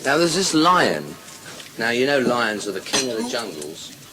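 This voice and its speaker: Comic telling dirty jokes, bouncy voice, crowd laughing along. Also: male voice, mid-range voice, a little slow, low-quality recording. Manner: chatty, lively joke-telling with crude language. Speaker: stand-up comedian. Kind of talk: live stand-up comedy. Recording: live audience laughter.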